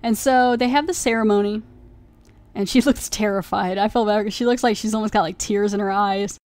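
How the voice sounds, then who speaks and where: A woman's voice: mid-range voice, steady tone, fairly quick, a little mellow, dry recording, studio quality. Rambly woman retelling a plot. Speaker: podcast host. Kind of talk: casual episode review.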